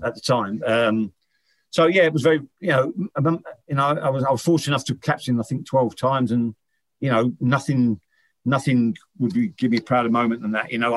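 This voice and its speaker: A middle-aged man, a former footballer, chatting as an interview guest, telling rambling anecdotes with many restarts. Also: mid-range voice. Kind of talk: casual interview chat.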